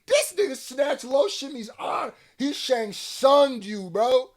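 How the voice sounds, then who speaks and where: A man's voice: very high voice, slow pace. A man hosting a music reaction video, talking casually and bluntly, laughing often. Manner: animated, laughs often, blunt slangy remarks.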